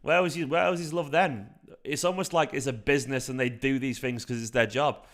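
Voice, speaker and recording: Speaking at a mid pitch and a slightly quick pace, a young South Manchester man with a light Manc twang rambles through a casual live-stream chat for his football fan channel. He's animated, swears freely and keeps dropping "like" and "um" into the gaps.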